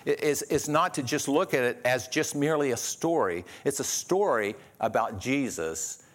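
A man's voice: mid-range voice, animated, normal speed. A man preaching a sermon as pastor, earnest, asking rhetorical questions and often restarting his sentences.

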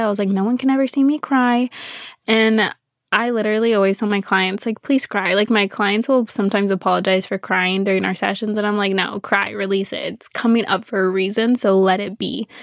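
A woman's voice: mid-range voice, no echo, clean studio sound. A young woman hosting a solo podcast as a coach, talking earnestly and emotionally, often repeating words for emphasis. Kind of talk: reflective solo podcast monologue.

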